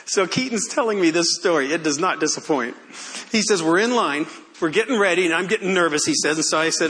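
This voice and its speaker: An older man preaching a sermon as pastor, telling stories in an animated way and often laughing. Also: on the high side, brisk.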